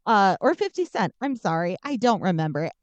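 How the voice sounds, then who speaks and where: A woman's voice: mid-range voice, fairly quick, no echo, muffled recording. A woman podcast co-host recapping a movie plot in a casual, joking, sarcastic way. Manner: joking, sarcastic, animated storytelling.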